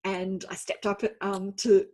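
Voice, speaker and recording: Husky Australian woman telling stories. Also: medium pitch, little pitch movement, a little slow, a little mellow. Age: 40s. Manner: chatty, self-deprecating storytelling. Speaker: author. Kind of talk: online author talk.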